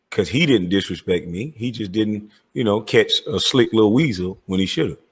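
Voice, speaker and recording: Man, husky voice, furious profane rant, confrontational call-out. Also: lowish voice, a bit bright. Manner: confrontational, cursing, calling out rivals. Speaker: online commentator.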